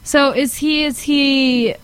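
A woman's voice: sits high, fairly even intonation, takes it slowly, dry recording. A teenage girl in casual chat, prompting her friend with short questions. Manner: brief prompts and agreement. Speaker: co-host.

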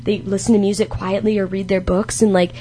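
A woman's voice: medium pitch, little pitch movement, fairly quick, dark tone. A young woman hosting a casual chat, telling rambling stories and laughing easily. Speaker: host.

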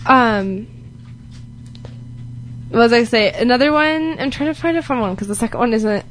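A woman's voice: on the high side, animated, normal speed, slight background noise. A young woman from northern Germany, chatting casually and reading fun facts aloud as co-host. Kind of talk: casual chat.

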